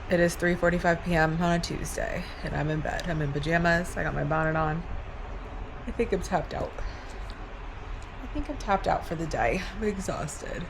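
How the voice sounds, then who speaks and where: Casting note: young woman, slightly low voice, worn-out and teary, candid rambling vlog talk. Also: animated, normal speed, pauses often, a little hiss or hum. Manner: candid, rambling, frequent "like" and laughter. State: exhausted, tearful. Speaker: vlogger. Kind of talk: casual vlog diary.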